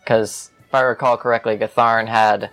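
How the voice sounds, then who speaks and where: Chatty player, gravelly voice, bit hesitant, some music in the back. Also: medium pitch, level tone, normal speed, fairly bright tone. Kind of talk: casual tabletop play.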